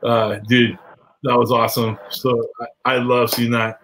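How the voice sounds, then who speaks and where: A man's voice: medium pitch, level tone, unhurried, fairly bright tone, slight background noise, poor audio. A man hosting a live show, chatting loosely with guests and viewers, swearing and laughing often. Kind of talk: casual live-stream chat.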